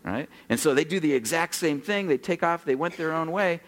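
Lively older man preaching a sermon. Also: on the high side, fairly quick. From Oregon, USA. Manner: animated storytelling, acts out dialogue, jokes with the congregation. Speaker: pastor.

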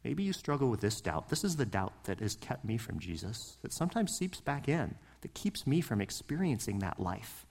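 A man's voice: mid-range voice, big pitch swings, normal speed, creaky, few pauses. A man preaching a sermon in a passionate, conversational way, asking his listeners questions and building to emphatic points. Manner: passionate, rising and falling emphasis. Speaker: pastor.

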